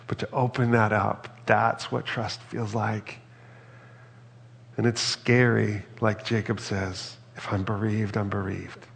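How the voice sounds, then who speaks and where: A man's voice: fairly low pitch, flat delivery, slow pace, gravelly, fairly bright tone, big-room sound. A man preaching a reflective, earnest sermon and reading scripture aloud. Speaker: pastor.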